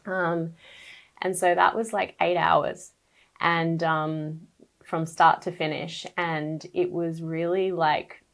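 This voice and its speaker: A woman's voice: deep voice, flat delivery, slow pace, gravelly. A woman speaking as a podcast guest, sharing a personal story in a casual, chatty way, full of fillers and open emotion.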